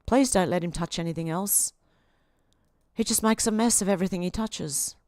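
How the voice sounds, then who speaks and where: A woman's voice: on the low side, moderate pace, darkish tone, no echo, clean studio sound. An Australian woman hosting a livestream, reading social media posts aloud and answering them with sarcastic asides. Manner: sarcastic, talks back at posts. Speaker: livestream host.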